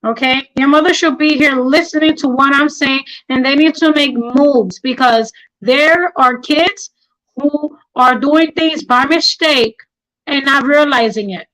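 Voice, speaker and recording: Unhurried and a bit bright, this middle-aged woman's high voice comes through poor audio as she hosts a livestream. She talks emotionally, with anger and passion, repeating herself to stress her points.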